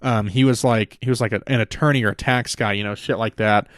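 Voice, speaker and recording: A man's voice: fairly low pitch, fairly even intonation, a little fast, fairly bright tone, no echo, studio quality. A man hosting a podcast, recapping a show in a casual, rambling way with lots of swearing and fillers. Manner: rambling, profane, many fillers. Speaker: podcast host.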